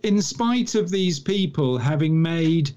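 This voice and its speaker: Podcast co-host, man, slightly high voice, dry, teasing. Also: lively intonation, slow pace, a little mellow, lo-fi sound. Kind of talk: casual chat.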